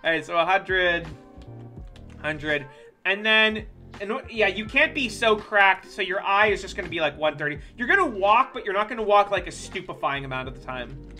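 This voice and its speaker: Lively, bright-voiced joking game streamer. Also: medium pitch, a little fast, soft background music. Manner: joking, profane, chatty with viewers. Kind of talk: casual gameplay commentary.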